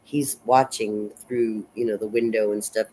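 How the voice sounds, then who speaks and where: A woman casually recapping and analyzing a film in a rambling, unhurried way, full of fillers and restarts. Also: a bass voice, fairly even intonation, dark tone, slight background noise, poor audio. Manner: unhurried and reflective. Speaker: film reviewer.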